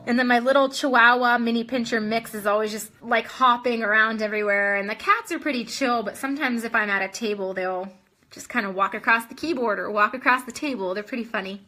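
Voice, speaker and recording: A woman's voice: a little high, fairly quick, sharp tone. A young adult woman hosting a casual live video chat, answering viewer comments in a chatty way full of ums and restarts, a little short of breath.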